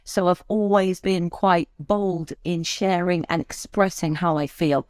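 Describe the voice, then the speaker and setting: A woman from the UK, a speaker trainer talking as a podcast guest, expressive and swinging widely in tone and loudness. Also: on the low side, a little slow, clean tone, dry recording, clean studio sound. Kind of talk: podcast interview.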